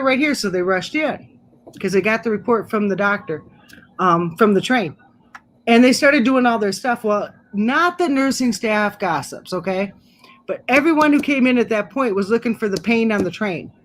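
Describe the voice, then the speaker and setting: Woman telling a story with laughs. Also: medium pitch. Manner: animated, laughs through her story. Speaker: guest storyteller. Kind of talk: casual storytelling on a live stream.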